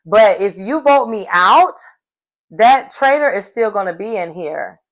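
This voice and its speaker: A woman's voice: mid-range voice, unhurried. A woman vlogger casually recapping a reality show episode, telling it animatedly and acting out quotes. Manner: animated storytelling, acts out quotes.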